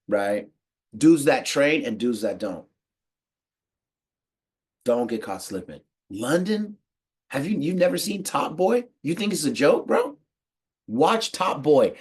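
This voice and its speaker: An American man giving a casual, slangy monologue to the camera, animated and quick to laugh. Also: medium pitch. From United States. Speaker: podcast host.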